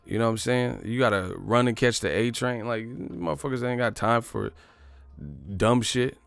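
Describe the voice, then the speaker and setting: A man's voice: medium pitch, a little fast, vocal fry, fairly bright tone, clean tone, no echo, faint music behind. A man telling a profane, rambling comic story in casual slang. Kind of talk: casual comedic storytelling monologue.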